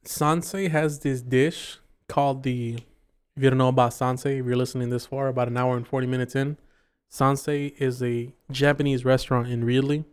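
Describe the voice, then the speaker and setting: A young man co-hosting a podcast in casual chat, teasing his friend and cursing through lively talk about food. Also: mid-range voice, moderate pace, smooth. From Mexican-American. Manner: profane, teasing, relishes describing food. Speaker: podcast co-host.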